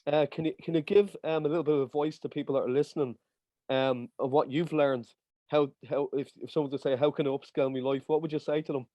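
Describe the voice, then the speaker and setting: Man, podcast host, mellow tone, appreciative, halting questions, dry lo-fi recording. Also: a little high, fairly even intonation, no echo. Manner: appreciative, hesitant questions with fillers. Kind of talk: podcast interview.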